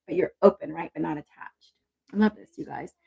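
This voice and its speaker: A woman's voice: low-pitched, brisk, gravelly, warm tone, breathy edge, poor audio. A woman hosting a casual live stream on intuition, chatty and encouraging as she reads viewer comments aloud.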